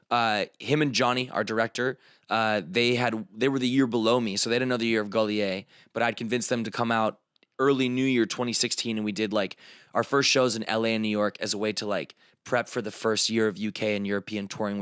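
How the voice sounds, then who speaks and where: Laughing, animated male comedian storyteller. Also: fairly low pitch, smooth, no room sound, studio quality. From Chicago area, US. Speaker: comedian guest. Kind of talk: casual podcast chat.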